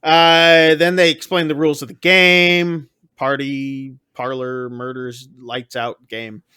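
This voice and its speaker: A man's voice: mid-range voice, little pitch movement, slow pace, pushed and bright, clean tone, no room sound, studio quality. A man co-hosting a casual film review podcast, retelling the plot scene by scene and briefly acting out the characters' lines. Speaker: podcast co-host.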